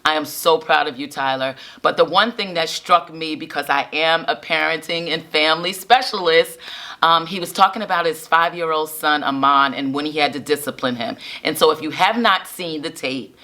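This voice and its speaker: Woman host, low-pitched but bright, upbeat and preacherly, coaching parents. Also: normal speed. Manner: enthusiastic, preacherly, asks rhetorical questions. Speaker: parenting and family specialist, host. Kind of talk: casual video talk to camera.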